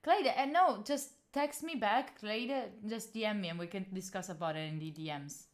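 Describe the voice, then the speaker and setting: A woman's voice: medium pitch, moderate pace. A young woman in her twenties from Italy, speaking English with an Italian accent, chatting frankly with viewers on a live stream and swearing freely. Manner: animated, frank, swears freely, reads and answers chat. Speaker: livestreamer.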